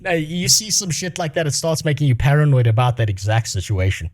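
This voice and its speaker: A man's voice: a little high, brisk, darkish tone, no echo, clean studio sound. A man streaming his reaction to a clip, in casual, crude, rambling talk that keeps breaking into laughter.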